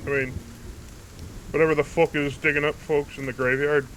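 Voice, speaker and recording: A man's voice: a little high, little pitch movement, moderate pace, a little hiss or hum, poor audio. A man playing a tabletop game in character, speaking bluntly and swearing often. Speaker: player. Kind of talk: in-character tabletop role-play.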